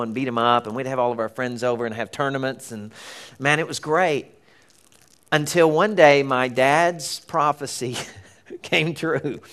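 A man's voice: mid-range voice, a bit bright. Man preaching a chatty sermon. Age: middle-aged. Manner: conversational storytelling with laughs and acted-out voices.

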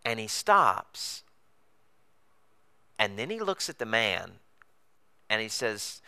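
A pastor preaching a sermon, telling a story with animated, acted-out dialogue. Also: male voice, slow, pauses often, clear, resonant tone. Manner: animated storytelling, acts out dialogue with big pitch swings.

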